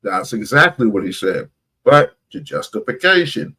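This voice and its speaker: A man calmly explaining his opinion in a measured, hesitant way. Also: fairly low pitch. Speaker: panel speaker. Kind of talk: opinionated talk.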